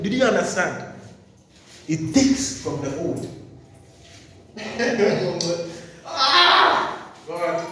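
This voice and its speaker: A man with a Ghanaian English accent preaching a sermon, emphatic, swinging from loud peaks to quiet asides. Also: high-pitched, big pitch swings, extremely slow, long pauses, slight background noise. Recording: echoey hall, far from the mic.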